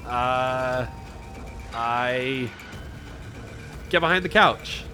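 A man's voice: medium pitch, extremely slow, pushed and bright, faint music behind. A man playing along in an improvised horror game, joking, rambling, and letting out mock-panicked yelps. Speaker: player. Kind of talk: casual improvised game play.

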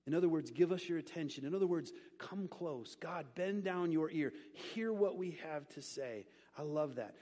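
A male pastor delivers a sermon in a church, drilling short phrases with call-and-response and tossing in light joking asides. His voice sits high, and a long hall reverb trails each line. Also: moderate pace, darkish tone.

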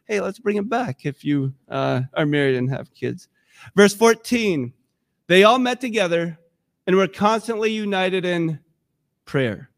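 A man's voice: high-pitched, animated, unhurried, creaky, dry recording, studio quality. A man preaching a sermon in a church, talking in a conversational, emotional and impassioned way. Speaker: pastor.

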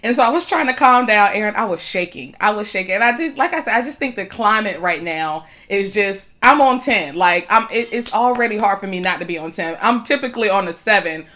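A young woman co-hosting a podcast, telling a story in casual chat, animated and emphatic, often laughing between phrases. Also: mid-range voice, a little fast, hardly any pauses. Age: young adult. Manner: animated, emphatic, swings loud when retelling confrontations.

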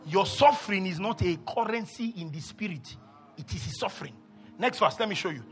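A male pastor preaching a sermon, swinging from low murmurs to loud shouts and acting out scripture voices. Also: animated, fairly quick, faint music behind. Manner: acts out scripture voices and asides.

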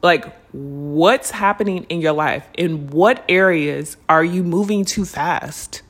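A woman hosting a spiritual podcast, talking casually and earnestly to her listeners, calling them y'all and unicorns. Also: lowish voice. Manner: earnest and lively, stretching words when urging listeners to slow down. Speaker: podcast host. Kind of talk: reflective spiritual podcast monologue.

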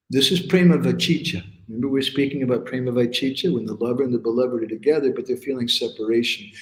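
A man telling a devotional story, often checking in with the listeners and chanting verses slowly. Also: medium pitch, a bit bright. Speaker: spiritual teacher. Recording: echoey room.

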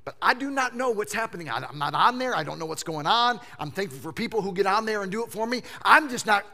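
A fifty-something man delivers a sermon in a bright, fairly high voice. His delivery is highly animated, dropping to hushed asides and then climbing to loud emphatic peaks. He stammers and repeats words when he presses a point. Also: fast talker. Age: 50s. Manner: animated preaching, swinging from hushed lows to loud exclamations. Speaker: pastor.

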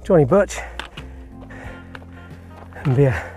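Man, podcast host on a hike, slow mellow delivery, winded, halting and rambling, faint music underneath. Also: a little high, lively intonation. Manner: rambling, halting, many fillers and restarts. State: a little out of breath. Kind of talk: casual walking vlog. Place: outdoors on a hillside hiking path.

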